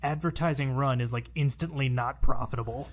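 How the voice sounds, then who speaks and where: A man's voice: mid-range voice, fairly quick, lo-fi sound, a little hiss or hum. An American man co-hosting a casual podcast, talking in a wry, rambling way with restarts. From United States. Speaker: podcast co-host. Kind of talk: casual chat.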